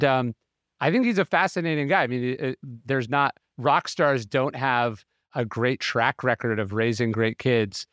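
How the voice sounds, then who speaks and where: A man who is a guest author on a podcast, speaking thoughtfully and reflectively in a relaxed conversation. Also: medium pitch, no echo, clean studio sound. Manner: thoughtful, reflective, loose with fillers. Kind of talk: casual conversation.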